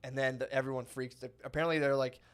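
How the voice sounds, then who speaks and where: A man in his thirties tells a rambling story on a comedy podcast. He acts out every quote in the story and laughs often. His voice sits at an average pitch. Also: level tone, fast, clear, resonant tone. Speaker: podcast co-host. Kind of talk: casual comedy podcast chat.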